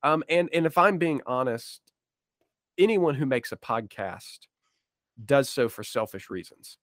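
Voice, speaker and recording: Guy cohosting a podcast, jokey and self-mocking, mid-pitch voice, dry close sound. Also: lively intonation, a little slow, fairly bright tone, no echo. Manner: joking, self-deprecating asides. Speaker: podcast co-host. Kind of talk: casual podcast chat.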